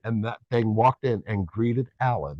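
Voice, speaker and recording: A man's voice: on the low side, a little slow, no echo, dull audio. A man co-hosting a casual live spiritual chat stream, laughing often and trailing off mid-thought.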